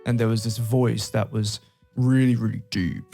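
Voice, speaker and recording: British man, gravelly voice, mellow tone, casual podcast chat, laughing storyteller, faint music behind. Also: mid-range voice, flat delivery, normal speed. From England. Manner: laughs often, storytelling with asides. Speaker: podcast co-host.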